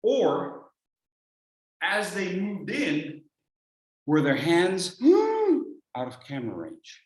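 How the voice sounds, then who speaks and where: Lively, playful man teaching over video call. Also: on the high side, slow. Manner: playful, teasing, asks rhetorical questions. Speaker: workshop presenter. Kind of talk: energetic instructional talk. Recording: echoey room.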